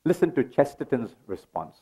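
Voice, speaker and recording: A man's voice: mid-range voice, very animated, moderate pace, dark tone. A middle-aged man preaching a sermon in a church, leading the congregation in call-and-response. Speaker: pastor.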